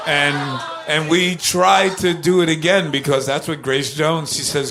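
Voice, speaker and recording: An older man, a musician guest in an interview, telling animated anecdotes with laughter and acting out other people's voices. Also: mid-range voice, measured pace, soft background music. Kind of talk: casual interview storytelling.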